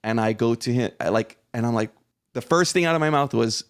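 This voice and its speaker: A man's voice: mid-range voice, fast talker, vocal fry. A man around forty, a podcast guest, animatedly retelling a personal experience, acting out his own reactions and swearing now and then. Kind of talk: conversational storytelling.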